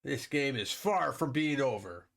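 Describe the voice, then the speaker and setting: A man's voice: mid-range voice, animated, a little slow, gravelly, fairly bright tone. A man from Wisconsin hosting a live stream, chatting casually with viewers while commenting on a board game and laughing often.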